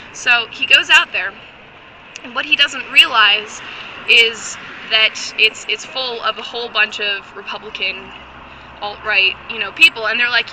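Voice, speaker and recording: A woman's voice: medium pitch, brisk, pushed and bright, a little hiss or hum, low-quality recording. A young woman with a strained, tired voice telling a comic, rambling story full of restarts and asides. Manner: rambling, joking, many restarts. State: losing her voice.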